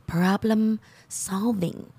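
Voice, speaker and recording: A middle-aged woman co-hosting a podcast, ranting in animated casual chat and laughing often. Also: medium pitch, drawn-out words, gravelly, breathy edge. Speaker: podcast co-host.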